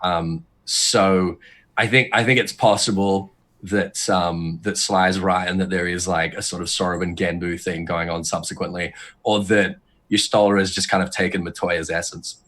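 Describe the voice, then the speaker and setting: Animated rambling man in podcast chat. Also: low voice, normal speed. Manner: rambling, frequent restarts and fillers, animated. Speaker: podcast guest. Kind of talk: casual podcast chat, lore speculation.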